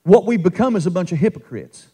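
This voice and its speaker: A man's voice: sits high, animated, fast, breathy edge. A man preaching a revival sermon, impassioned and calling out to the congregation. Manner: impassioned, call-and-response preaching with rising shouts.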